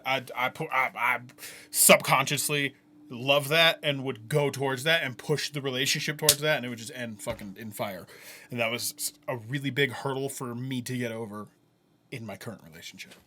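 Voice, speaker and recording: A man reacting to a friend's music album in casual commentary. He swears a lot, laughs often and gets excited, and he trails off and restarts when he turns reflective. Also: mid-range voice, brisk, a little hiss or hum. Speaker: music reaction video host.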